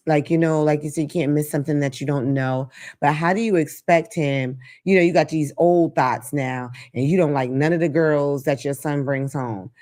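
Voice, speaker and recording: Host, woman, low voice, blunt and playful. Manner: frank, sassy, animated, laughs at own jokes. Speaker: talk show host. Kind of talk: live call-in show monologue.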